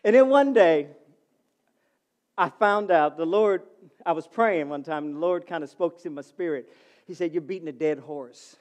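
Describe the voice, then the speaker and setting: Man, pastor, middle-aged, high-pitched, lively sermon, calls out to congregation. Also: normal speed, pauses often, highs cut off. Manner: lively preaching, swings from loud to soft.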